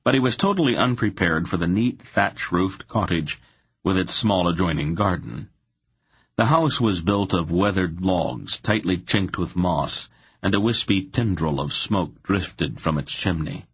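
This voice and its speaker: A male audiobook narrator with a very deep voice, reading at a slow, even pace. His tone is gravelly and husky, recorded close in a dry, dead room. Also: no room sound. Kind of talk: scripted fantasy narration.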